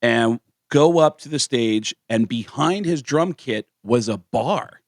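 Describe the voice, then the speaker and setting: A man's voice: mid-range voice, slow pace, no room sound, clean studio sound. A man who is a comedian, a guest on a radio show, telling stories casually and acting out the voices of others. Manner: animated storyteller who acts out the voices of others. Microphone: studio microphone.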